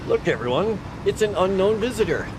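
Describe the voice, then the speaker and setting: A man's voice: high-pitched, big pitch swings, fairly quick, noisy background. A man streaming a video game at home in a casual chat, stopping to coo at his cat. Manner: chatty, coos and baby-talks to his cat. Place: home, indoors.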